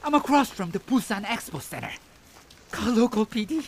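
An actor playing an earnest, flustered election candidate on the run in an audio drama. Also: male voice, high voice, very animated, moderate pace, gravelly, heavily acted. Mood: frantic. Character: naked, earnest, frantic male candidate. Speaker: long-shot election candidate.

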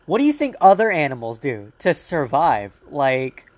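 Young male podcast host, slightly high voice, profane rambling solo monologue with mocking voices. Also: sing-song, unhurried, hardly any pauses.

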